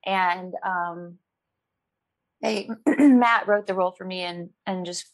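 Brief: woman guest, chatty and animated, quick laughs, dry close sound. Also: lowish voice, dry recording. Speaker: actress guest. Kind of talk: casual interview chat.

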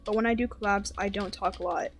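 A woman giving casual, very talkative gameplay commentary, turning excitable and repeating words when the game gets tense. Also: medium pitch, fast talker, slight background noise. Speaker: gaming video host. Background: game background music.

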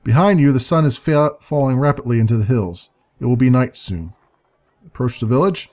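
A man's voice: medium pitch, normal speed, a little mellow. A man reading a text adventure aloud and musing over his choices, hesitant and chuckling now and then. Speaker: let's play narrator.

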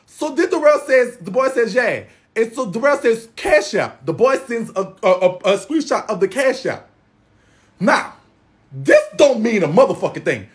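A man giving casual gossip commentary in a sassy, profane, dramatic way, with loud exclamations and laughing. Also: very high voice, lively intonation, moderate pace. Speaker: gossip vlogger.

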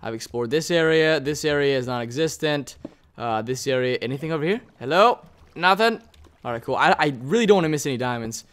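A gaming YouTuber talking to himself in excitable, rambling let's-play commentary as he plays. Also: medium pitch, fast talker, smooth. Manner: excitable, rambling self-talk while playing.

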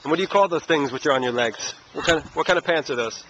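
A man's voice: fairly high pitch, quick pace, a bit bright, lo-fi sound. A man teaching a casual language lesson outdoors at a playground, asking patient, coaxing questions. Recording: noisy outdoor camera audio.

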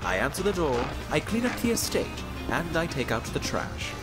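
A man playing an old butler who speaks politely, with dry understatement, in a fairly high voice with lively pitch. It is a comedy parody dub, with loud music behind him. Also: moderate pace.

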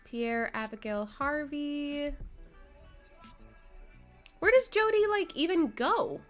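A young adult woman streaming a farming game, chatting casually and giggling often as she plays. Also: slow pace. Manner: chatty, giggly, lively pitch swings. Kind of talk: casual gameplay chat. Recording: faint game music behind.

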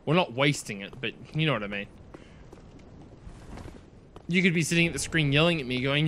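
A bright-voiced man chats his way through a video game, excitable and quick to exclaim. His voice sits a little high and swings widely in pitch. He talks to himself and to his viewers as he plays. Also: slight background noise. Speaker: let's play host. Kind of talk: casual gameplay commentary.

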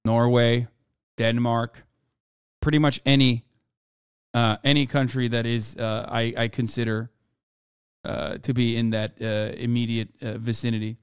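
A man's voice: medium pitch, little pitch movement, unhurried, long pauses, clear, resonant tone, no room sound, studio quality. A man streaming live and reacting with profane, incredulous, joking commentary. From United States.

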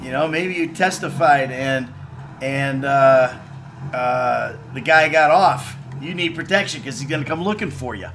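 A man's voice: medium pitch, unhurried, fairly bright tone, a little hiss or hum. Laid-back chatty man streaming a game. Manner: laid-back, chatty, laughs and swears freely. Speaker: actor streaming a game playthrough. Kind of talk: casual live-stream chat, reading viewer comments.

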